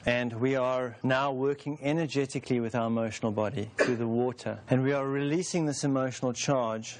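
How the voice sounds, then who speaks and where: A man in his forties, an author teaching his self-help process in a calm, unhurried way, explaining through everyday imagery. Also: medium pitch. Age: 40s.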